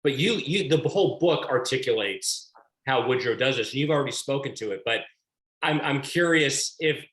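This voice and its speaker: This is the host of an author series, a man on a video call with a mid-range, fairly bright voice, lively intonation and moderate pace. His questions wander and restart frequently, and the sound is roomy and echoing.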